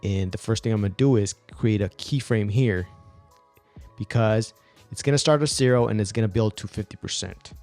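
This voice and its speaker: A young man hosting a software tutorial in an upbeat, casual way, with fillers and restarts. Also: on the low side, moderate pace, soft background music. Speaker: video tutorial host.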